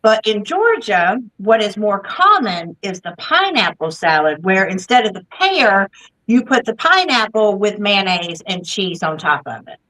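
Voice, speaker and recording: A woman's voice: medium pitch, sing-song, unhurried, fairly bright tone, low-quality recording. A woman from Alabama hosting a livestreamed book talk, chatting casually with fillers and restarts. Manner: chatty, with fillers and repeated starts. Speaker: host of a book discussion stream. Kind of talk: casual chat.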